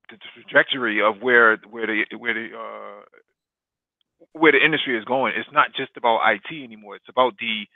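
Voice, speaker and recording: On a casual podcast covering economics and technology, this co-host gives long explanations packed with fillers and false starts. His voice is mid-range, with no echo, and the audio sounds dry and tinny, like a phone line.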